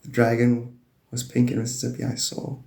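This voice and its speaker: A man hosting a live stream, rambling playfully about spirituality and now and then jumping into high excited bursts. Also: normal speed, creaky. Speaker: livestream host. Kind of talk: rambling spiritual livestream talk. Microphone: phone or desk mic on a live stream. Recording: echoey room.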